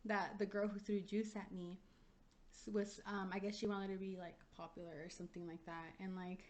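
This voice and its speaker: A woman's voice: medium pitch, little pitch movement, normal speed. A young adult woman co-hosting a podcast, chatting casually and telling stories with lots of "like" and the odd swear word. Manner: chatty storytelling, heavy use of "like", swearing. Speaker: podcast co-host. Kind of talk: casual chat.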